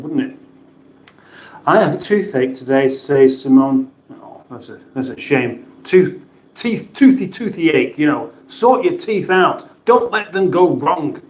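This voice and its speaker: A British man hosting a casual livestream, chatting and joking as he reads out viewer messages. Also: mid-range voice. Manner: chatty, jokey, playful voices for chat names. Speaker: livestream host reading chat. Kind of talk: casual live chat. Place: home kitchen. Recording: roomy echo.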